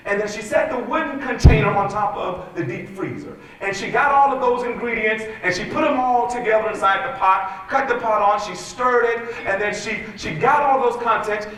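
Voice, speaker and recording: A man with a fairly high voice tells an animated story as a keynote speaker, often turning to the audience directly. His voice rings with heavy hall echo and comes from some distance off the mic. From West Side Chicago. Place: large conference hall. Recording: echoey hall, voice from far off the mic.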